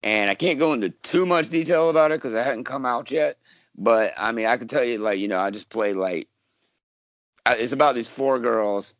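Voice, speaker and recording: A man's voice: deep voice, fairly bright tone, no room sound. A man from South Carolina, an actor guest, chatting casually in an interview with lots of fillers and restarts. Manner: rambling, many fillers and restarts.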